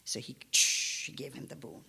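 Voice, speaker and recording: A woman telling a religious story in a sermon, animated and conversational, with many asides. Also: a little slow. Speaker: guest speaker. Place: church.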